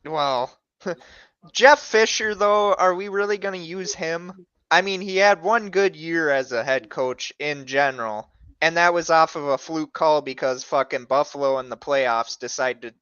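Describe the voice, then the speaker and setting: A man's voice: fairly high pitch, unhurried, fairly bright tone, clean tone, dry recording, lo-fi sound. A man co-hosting a podcast, profane and opinionated in casual sports chat. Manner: profane, opinionated, name-dropping. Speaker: podcast co-host.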